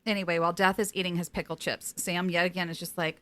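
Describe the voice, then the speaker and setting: A young adult woman co-hosting a podcast and recapping a TV episode in a casual, animated way, laughing often and swearing freely. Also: fairly low pitch, fast. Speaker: podcast co-host.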